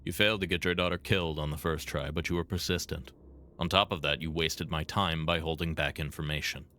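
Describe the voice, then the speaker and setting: A cold, blunt doctor, read out by a man from a video game, curt and accusing. The voice sits very low with a bright, forceful edge. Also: fairly even intonation, a little fast. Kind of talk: reading game dialogue aloud.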